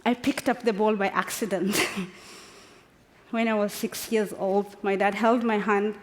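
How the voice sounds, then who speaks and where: A woman's voice: medium pitch, steady tone, moderate pace. A woman in her forties from Kenya giving an emotional, unscripted personal speech, passionate and close to tears. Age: 40s. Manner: passionate, emphatic, laughs between phrases. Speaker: speaker. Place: large conference hall. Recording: long hall reverb.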